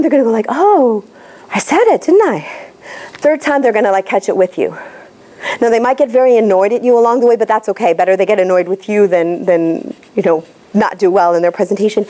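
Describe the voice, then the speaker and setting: A middle-aged woman giving a lively, direct workshop talk as a pitch coach to a room of listeners. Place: room with a live audience.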